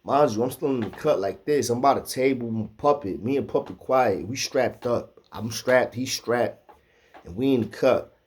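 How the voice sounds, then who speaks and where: A man telling a profane, animated street story, acting out the quotes. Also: medium pitch, normal speed, breathy edge.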